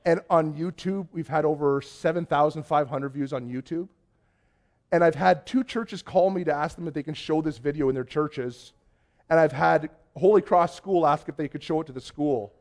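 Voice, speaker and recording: Male pastor, slightly high voice, excitable storyteller in church. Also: normal speed. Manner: chatty storytelling, excitable, many restarts. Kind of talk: conversational sermon. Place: church before a congregation.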